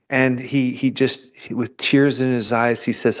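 A man earnestly recounting a life-changing experience as an interview guest, halting and restarting as he goes. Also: mid-range voice, fairly even intonation. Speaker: guest sharing his testimony. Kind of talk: emotional storytelling.

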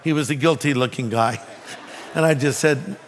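A man's voice: measured pace, a little hiss or hum. Man preaching a sermon in a reverberant hall. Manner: animated, acts out dialogue with rising pitch. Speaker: pastor. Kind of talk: sermon with storytelling.

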